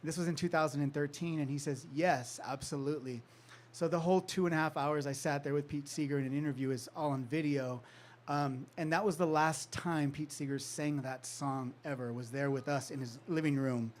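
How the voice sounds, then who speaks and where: A man from California telling a long anecdote to a live audience, animated, acting out the people he quotes and laughing often. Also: a little high, fairly quick. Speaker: author giving a talk. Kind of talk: storytelling talk to an audience.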